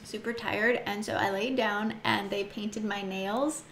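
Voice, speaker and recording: A woman's voice: mid-range voice, steady tone, unhurried, fairly bright tone. A woman casually leading a Bible study, reading scripture aloud, giggling often and stopping to muse on what she reads. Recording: echoey room with faint noise.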